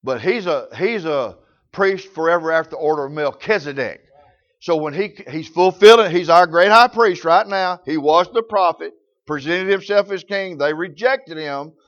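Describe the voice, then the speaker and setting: A man's voice: fairly high pitch, normal speed, a bit bright, dull audio. A man preaching a sermon, telling folksy stories in rural grammar.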